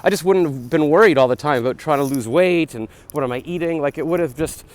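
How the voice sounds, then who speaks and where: A man's voice: on the high side, fast. A man in his forties rambling casually into his phone while jogging along a city street, with chatty, self-deprecating asides. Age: 40s. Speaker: vlogger. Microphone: phone camera held while jogging. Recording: faint street noise outdoors.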